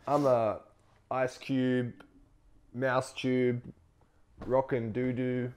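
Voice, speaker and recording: A man's voice: mid-range voice, very slow, slight background noise. A young Australian man co-hosting a music review, talking casually and profanely with a lot of hype. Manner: animated, profane, rises to a shout when hyped. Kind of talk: casual reaction chat.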